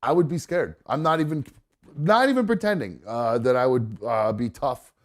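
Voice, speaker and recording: A man's voice: medium pitch, expressive, moderate pace. A man hosting a live talk show, telling a story casually with lots of fillers. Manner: rambling, many fillers. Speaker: host.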